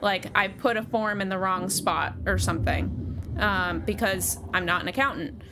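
A woman's voice: medium pitch, normal speed, background noise. A woman from the United States, chatting casually as a live game streamer, rambling and laughing often. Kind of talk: casual live gaming chat.

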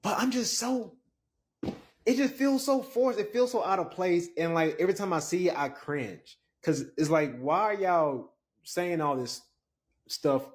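A man giving an animated, exasperated opinion in a casual clip. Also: measured pace. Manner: animated, pitch swinging up when exasperated. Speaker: commentator.

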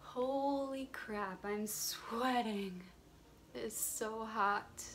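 A woman's voice: fairly high pitch, very slow, background noise. A chatty young woman vlogging a hair tutorial, rambling with lots of filler words, recorded on her phone at home. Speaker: beauty vlogger. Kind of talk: casual hair tutorial chat. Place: warm room at home. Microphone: phone camera.

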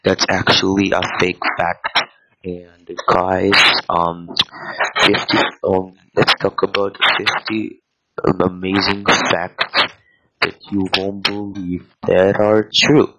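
Male host, deep voice, unhurried and halting, rambling mock ASMR monologue. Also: flat delivery, very noisy. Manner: hesitant, halting, many ums and repeated words. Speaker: video host.

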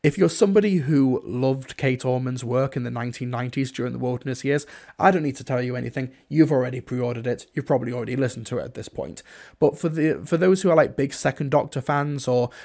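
Male reviewer, mid-range voice, relaxed chatty delivery peppered with fillers. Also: mid-range voice. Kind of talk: casual spoken review.

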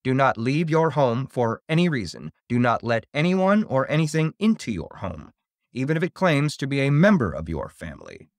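A man's voice: mid-range voice, very animated, normal speed, no echo, clean studio sound. A man voicing a robotic emergency broadcast alert, giving stern, clipped orders. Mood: commanding.

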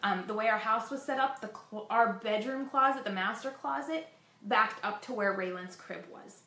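A woman tells her own story straight to camera, frank and self-deprecating. Her voice sits at an ordinary middle pitch. The room around her rings with noticeable echo. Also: normal speed, pushed and bright. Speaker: fitness vlogger sharing a personal story. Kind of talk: candid personal storytelling.

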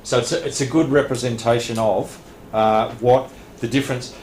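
A man from Australia gives a classroom lecture for a radio licence course, speaking plainly with many restarts and small laughs. His mid-range voice is a little mellow, with fairly even intonation and a normal speed. The training room sounds echoey, with faint hiss in the background.

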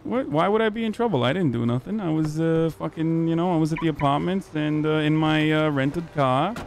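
A man's voice: a little high, fairly quick, a little hiss or hum. A man streaming a roleplay game, talking in character in a hesitant, stammering way with plenty of swearing, into a desk microphone.

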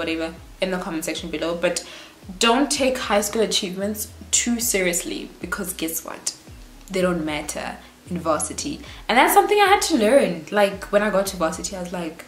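Fast-talking South African woman in her twenties. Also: medium pitch. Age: 20s. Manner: fast, chatty, animated. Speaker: vlogger. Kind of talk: casual advice vlog. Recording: roomy echo.

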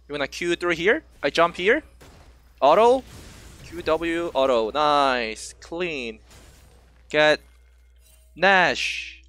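Excitable young Korean man, high and lively. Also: no echo. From South Korea. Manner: excitable, laughs often, chats with viewers while playing. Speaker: streamer. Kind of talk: casual gameplay stream chat.

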